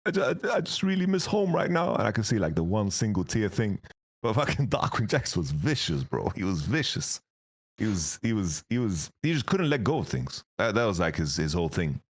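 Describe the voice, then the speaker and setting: An animated young man recounting wild stories in a loose, casual interview. His pitch swings widely as he acts out the people he quotes, and he swears and laughs often along the way. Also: fairly quick. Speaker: esports coach, guest.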